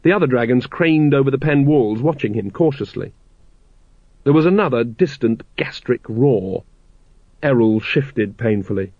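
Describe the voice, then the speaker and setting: A man's voice: medium pitch, animated, normal speed, no echo. A man narrating a comic fantasy audiobook in a dry, wry storytelling manner. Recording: slightly muffled dry recording.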